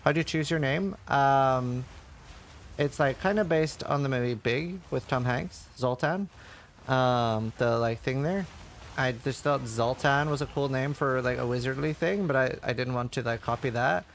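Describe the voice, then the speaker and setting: A man's voice: mid-range voice, normal speed, gravelly, slight background noise. A man streaming a game live, chatting casually and answering viewer questions with lots of fillers. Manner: chatty, reads chat questions aloud, rambling with fillers. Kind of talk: casual live-stream chat while gaming.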